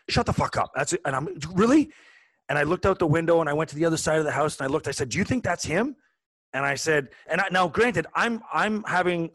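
A man in his forties, a podcast co-host, telling a long casual story with lots of restarts and animated asides. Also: a little high, dry recording. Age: 40s. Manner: animated, rambling with many restarts.

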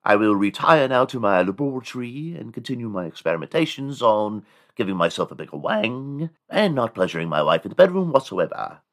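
A man's voice: medium pitch, big pitch swings, a little fast, hardly any pauses, a bit bright, pitched above the performer's own voice. A man voicing a stuffy colonial town meeting chairman in a mock English accent, formal and stiff.

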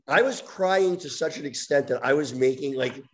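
A man's voice: medium pitch, normal speed. A man co-hosting a podcast, joking and teasing in casual chat. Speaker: podcast co-host.

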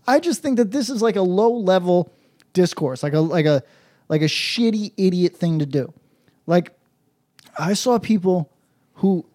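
A man co-hosting a comedy podcast, swearing constantly and riffing in loose, rambling rants. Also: high voice. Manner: profane, riffing, swings into mock-patois shouts. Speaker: podcast co-host. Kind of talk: crude comedic podcast banter.

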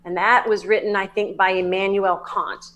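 A woman with a Southern accent, a psychic medium talking as a guest in an interview, animated and laughing, with many fillers and restarts. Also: mid-range voice, normal speed. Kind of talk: casual interview talk.

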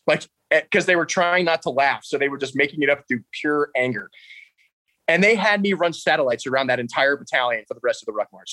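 A young man, telling a story with laughs and shouted quotes of his drill instructors. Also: mid-range voice, no echo, low-quality recording. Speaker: interview guest. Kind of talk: casual storytelling.

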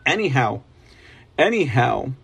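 A man's voice: mid-range voice, sing-song, measured pace, vocal fry, fairly bright tone, slightly rough. A man hosting an online news show, reading headlines aloud with mocking asides and frequent laughter. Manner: mocking, laughs often, reads articles aloud with sarcastic asides. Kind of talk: casual commentary reading headlines.

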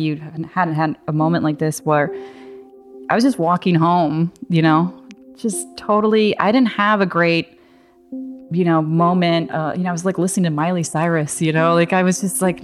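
Low-voiced woman telling a personal story. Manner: chatty, laughing, many fillers.

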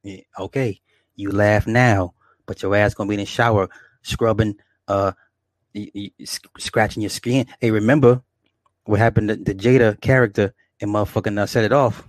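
A man's voice: on the low side, steady tone, moderate pace, no room sound. A man delivering a profane, boastful comedic rant to his viewers, repeating himself and laughing often. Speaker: vlogger.

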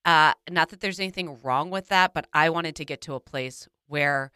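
Brief: bright, dry-miked woman host, open and self-reflective. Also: sits low, normal speed, clear, resonant tone, no echo. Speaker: podcast host. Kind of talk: candid personal conversation.

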